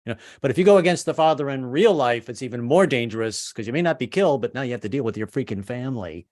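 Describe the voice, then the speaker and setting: A man's voice: medium pitch, expressive, fast, a little mellow. A middle-aged man from New York doing a chatty stand-up set over a video call, with lots of stammered restarts. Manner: chatty, stammering restarts, puts on tough-guy voices. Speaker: stand-up comedian.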